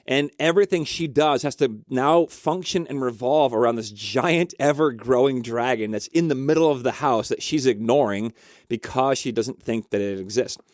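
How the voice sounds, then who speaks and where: A man of ordinary mid pitch tells a story in a chatty, animated way, with frequent fillers. He sounds like someone who counsels couples. The recording is close and dry. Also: moderate pace, dry recording. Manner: animated, conversational, lots of fillers. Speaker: marriage counselor. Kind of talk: casual storytelling.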